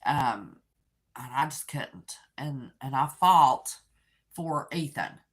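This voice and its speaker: Low-voiced older woman. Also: animated, slow, breathy edge. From West Virginia. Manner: rambling, heartfelt, with soft laughs. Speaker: channel host. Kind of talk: casual talk to viewers.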